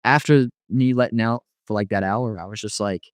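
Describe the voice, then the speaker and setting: A man's voice: on the low side, moderate pace, dry recording. A man giving a personal testimony as an interview guest, rambling and filling his speech with frequent "you know.". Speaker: guest telling his life story.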